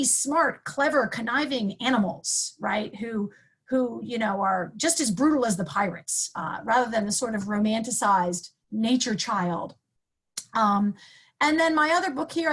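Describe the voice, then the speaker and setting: Woman professor, casual lecture on novels, fairly high husky voice, plenty of ums and restarts. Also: a bit bright. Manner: conversational, frequent ums and self-corrections. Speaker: English professor. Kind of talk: recorded book-recommendation talk.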